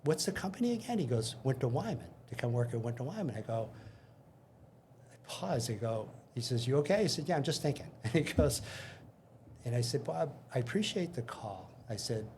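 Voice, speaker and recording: This older man speaks expressively at normal speed in a medium-pitched, darkish voice as an interview guest. He casually recounts career stories, acts out the exchanges, and restarts frequently, with a little hiss or hum in the audio.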